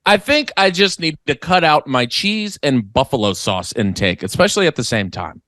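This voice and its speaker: A man's voice: a little high, moderate pace, dry recording. A young man co-hosting a comedy podcast, telling exaggerated stories in casual chat. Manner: animated, exaggerated storytelling. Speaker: podcast co-host.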